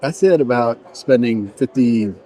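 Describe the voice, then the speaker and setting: A middle-aged man in a casual food-tasting vlog speaks with medium pitch, lively intonation, and a mellow tone, a little slowly, with slight hiss or hum in the audio. Reviewing an indoor buffet, he chats, rambles, and trails off mid-sentence while eating.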